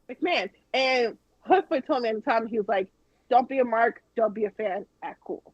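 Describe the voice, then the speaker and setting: A woman with a husky, slightly raspy voice tells a lively story, swearing freely and mimicking the people she quotes. The sound is dry and dull, like lo-fi stream audio. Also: a little high, no echo. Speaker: guest. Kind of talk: casual storytelling on a podcast.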